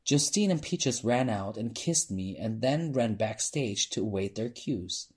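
Husky man reading a novel aloud. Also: fairly low pitch, lively intonation, unhurried. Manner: informal reader who stumbles and restarts. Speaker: narrator.

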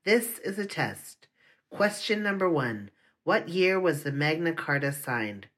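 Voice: medium pitch, very animated, measured pace, fairly bright tone. A reader voicing a stern schoolteacher. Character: stern woman schoolteacher giving a pop quiz. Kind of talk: audiobook reading.

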